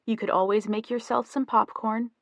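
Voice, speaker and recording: A woman reading the lines of a quick-witted young wife in an audiobook, fond and bantering. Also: a little high, flat delivery, no echo, voice pushed up, close to an everyday voice. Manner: playful bargaining banter.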